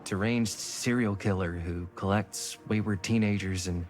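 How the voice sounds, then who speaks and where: A man's voice: fairly low pitch, fairly even intonation, unhurried, darkish tone, faint music behind, natural voice. An actor playing a sardonic teenage boy in a video game, speaking in a dry, joking way. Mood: wry.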